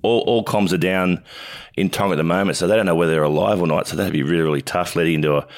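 An Australian man co-hosting a sports show, matey and halting, with many restarts. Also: deep voice, steady tone. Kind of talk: casual sports chat.

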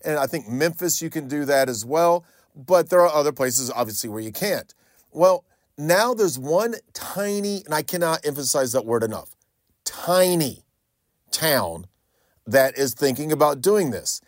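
A man's voice: on the high side, lively intonation, moderate pace, dry recording, clean studio sound. A man from North Carolina hosting a talk radio show, speaking in a conversational, opinionated way with frequent repeats and restarts. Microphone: studio microphone.

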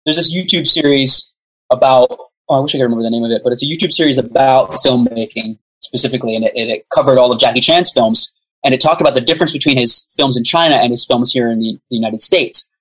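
A man's voice: medium pitch, quick pace, fairly bright tone, breathy edge, low-quality recording. A man as a podcast guest, talking in an enthusiastic, rambling way with many fillers. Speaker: guest, musician. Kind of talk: casual podcast chat.

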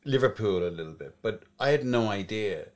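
A male interviewer with a very deep voice asks long, thoughtful questions. He pauses often and fills the gaps with hesitant sounds. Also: animated. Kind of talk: conversational interview.

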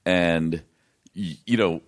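A man's voice: low-pitched, takes it slowly. A man, a touring musician, telling a long story in casual chat, with restarts and laughs. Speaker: guest musician.

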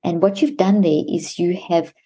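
Warm low-voiced woman explaining steps. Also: fairly even intonation, normal speed, husky. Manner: earnest, instructive, walks through examples step by step. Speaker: podcast guest, mental health expert. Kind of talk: explaining steps in a podcast interview.

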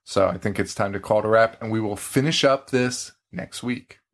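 A man's voice: lowish voice, moderate pace. A young adult man hosting a casual podcast, joking and laughing often, with a slight frog in his throat. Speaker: podcast host.

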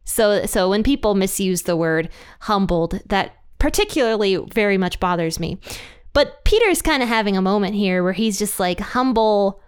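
Smooth-voiced woman teaching the Bible casually. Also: medium pitch, lively intonation, moderate pace. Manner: chatty, laughs lightly between points. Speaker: Bible study host.

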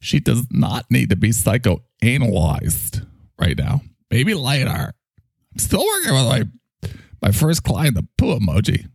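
A man voicing a forgetful, pompous male doctor in a low, drawling voice. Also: huge pitch swings, measured pace, gravelly, a little mellow, slightly rough, dry recording, clean studio sound, heavily acted.

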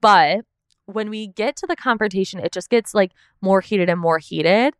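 A woman's voice: mid-range voice, normal speed, clean tone, dry recording, clean studio sound. A young woman hosting a podcast, recapping a reality show in casual chat, full of "like" and the odd swear word. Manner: chatty, peppered with "like", swearing. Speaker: podcast host.

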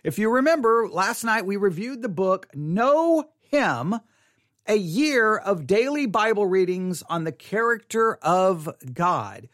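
A man's voice: sits high, expressive, slow, fairly bright tone, no room sound. A man hosting a casual devotional podcast from a studio, rambling and often repeating himself as he talks. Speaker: podcast host. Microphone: studio mic.

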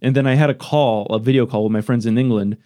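A Romanian man, not a native English speaker, hosts a casual podcast chat through a podcast microphone. His voice is medium-pitched, steady and dark, and he talks quickly. He rambles, pokes fun at himself and swears freely.

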